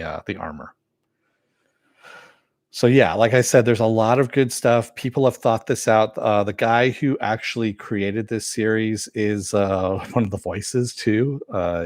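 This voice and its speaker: A man giving a casual spoken review of an animated series, rambling with many fillers and self-corrections, and answering chat as he goes. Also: lowish voice, dry recording, studio quality. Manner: reads and answers live chat.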